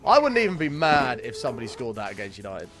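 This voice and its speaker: A young man chatting casually with viewers while streaming a game, excitable and swearing freely. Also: mid-range voice, fast, soft background music. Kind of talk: casual live-stream chat.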